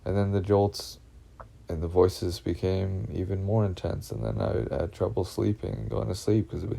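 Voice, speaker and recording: A man telling of his own experiences in a halting, anxious monologue, full of fillers, restarts and swearing. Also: low-pitched, vocal fry, dark tone. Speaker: vlogger recounting personal experiences. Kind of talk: rambling first-person monologue.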